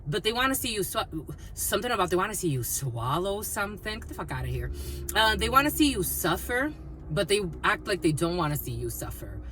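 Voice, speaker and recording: A woman giving a casual collective tarot reading, mixing personal stories with blunt, animated talk and plenty of swearing. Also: mid-range voice, a little fast, soft background music. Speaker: tarot reader.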